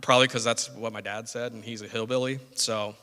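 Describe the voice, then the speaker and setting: A man's voice: mid-range voice, flat delivery, fairly quick, pushed and bright. A man with an American accent preaching a sermon as pastor, mixing announcements and casual, self-deprecating asides to the congregation. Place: church sanctuary. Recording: long hall reverb.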